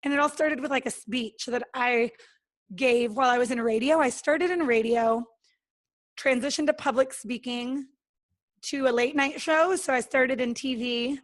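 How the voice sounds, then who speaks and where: A woman's voice: high voice, fairly even intonation, normal speed. A woman talking as a podcast guest in a casual, earnest and motivational way, acting out her own thoughts and what others said. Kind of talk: casual interview talk.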